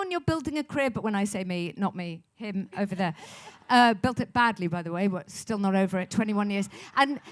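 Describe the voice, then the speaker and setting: A middle-aged woman, a guest on a festival stage, talking in a chatty, rambling, self-deprecating way into a stage microphone. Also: high voice. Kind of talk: live on-stage conversation. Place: festival stage before an audience.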